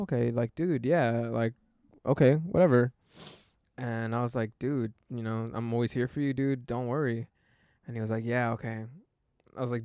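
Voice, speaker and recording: A man's voice: medium pitch, a little mellow, clean tone, no echo, clean studio sound. A young man hosting a casual podcast, telling a story in a rambling way full of fillers. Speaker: podcast host.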